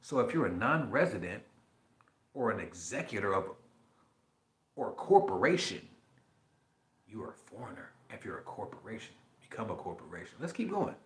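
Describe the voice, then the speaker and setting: A man's voice: lowish voice, normal speed, pauses often, reverberant. A man talking casually and profanely, reading definitions aloud and riffing between them. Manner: profane, animated, riffing between read passages. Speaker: podcast host.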